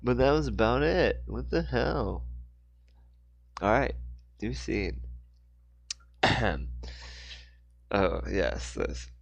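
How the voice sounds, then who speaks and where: A man's voice: medium pitch, expressive, drawn-out words, vocal fry, pauses often, dry recording. A man reading his own book aloud in a casual way, breaking off for rambling, jokey asides.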